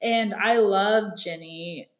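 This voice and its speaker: A woman co-hosting a podcast in casual chat, talking fast and laughing often as she acts out the people she describes. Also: medium pitch, echoey room, muffled recording. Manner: chatty, laughs often, quotes people in lively put-on voices. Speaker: podcast co-host. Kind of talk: casual chat recapping reality TV.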